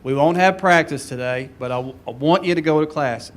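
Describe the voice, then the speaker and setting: A man with a drawl recounts an old team story in a lively, anecdotal way, his voice sitting a little high. He laughs as he tells it and warms up as the tale builds. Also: brisk. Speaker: former player telling a team story. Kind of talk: storytelling at a reunion panel.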